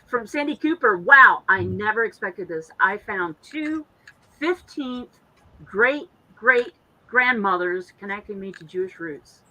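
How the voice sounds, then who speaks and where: A woman's voice: medium pitch, expressive, a little slow, bright, forceful tone, low-quality recording. A woman co-hosting a casual online chat show, reading viewer comments aloud in a chatty way. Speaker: co-host.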